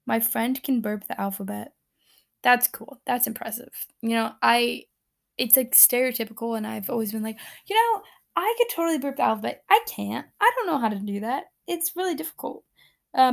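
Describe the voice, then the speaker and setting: A woman's voice: a little high, creaky. A woman hosting a casual solo podcast, reading out listener answers in a chatty, giggly, rambling way with many fillers and restarts. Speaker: podcast host. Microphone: podcast microphone.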